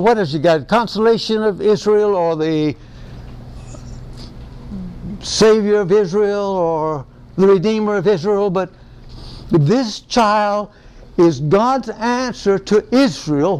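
A man preaching a folksy Bible-study sermon, excitable and often chuckling. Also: high voice, slow, clear, resonant tone.

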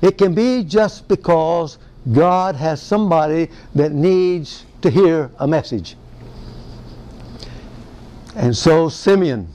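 High-voiced excitable preacher. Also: male voice. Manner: excitable, chuckling, folksy. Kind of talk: sermon, Bible study.

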